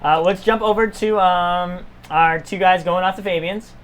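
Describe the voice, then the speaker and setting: A woman's voice: lowish voice, fairly even intonation, moderate pace. A woman running a live-streamed tabletop game as game master, hesitant, with many fillers and restarts.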